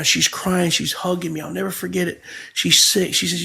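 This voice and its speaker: A middle-aged pastor with a high voice and a gravelly edge tells his testimony in a relaxed podcast conversation. He acts out every quoted line with emphatic, lively delivery. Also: a little fast, few pauses. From Florida, USA. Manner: vivid storyteller acting out quoted dialogue, emphatic.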